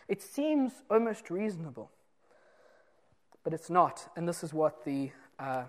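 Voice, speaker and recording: A man preaching a sermon, explaining a parable in an earnest way and moving between loud and soft emphasis. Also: fairly high pitch, big pitch swings, measured pace, long pauses.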